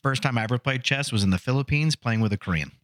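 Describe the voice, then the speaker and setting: A man's voice: medium pitch, fast, fairly bright tone, dry recording, clean studio sound. A middle-aged man co-hosting a podcast, joking around and telling stories in a casual chat. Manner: joking, storytelling. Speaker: podcast co-host.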